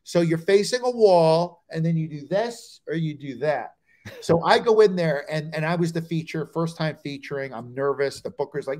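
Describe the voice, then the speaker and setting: A man's voice: fairly high pitch, normal speed. A middle-aged man from New Jersey, a stand-up comedian telling road stories as a guest on a comedy talk show, acting out the people in them. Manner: animated storyteller, acts out quoted voices.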